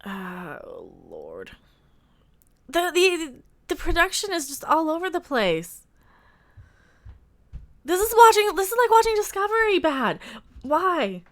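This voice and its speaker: A woman hosting a casual live reaction stream, sarcastic, laughing often and bursting into loud exclamations. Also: very high-pitched, sing-song, unhurried, long pauses. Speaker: livestream host reacting to a trailer.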